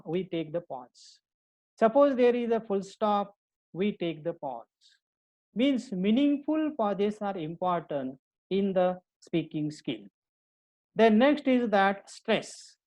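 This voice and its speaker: A woman teacher speaks at an unhurried, measured pace in a recorded lecture. She explains point by point, circling back to repeat key ideas and restarting phrases as she goes, in a voice of middling pitch. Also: a little mellow, rough recording. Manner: slow, deliberate explaining with frequent restarts and repetition. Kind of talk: recorded online lecture to students.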